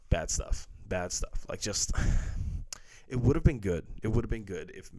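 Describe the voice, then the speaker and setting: Male movie reviewer, low voice, casual and profane, loose and filler-heavy. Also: animated, unhurried, dark tone. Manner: blunt, profane, full of fillers. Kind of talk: casual ranting film review.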